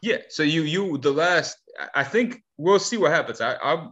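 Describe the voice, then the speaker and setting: A man's voice: a little high, expressive, normal speed, fairly bright tone. A man co-hosting a casual talk show, explaining his views earnestly with many restarts. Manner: earnest and analytical, with frequent restarts. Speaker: podcast co-host. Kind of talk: casual chat. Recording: dull lo-fi sound.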